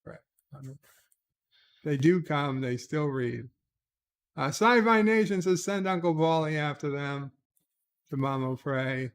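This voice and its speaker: A man's voice: a little high, lively intonation, slow pace, pauses often, clear, resonant tone. A man hosting a casual livestream, reading viewer comments aloud and answering each with short asides. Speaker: livestream host.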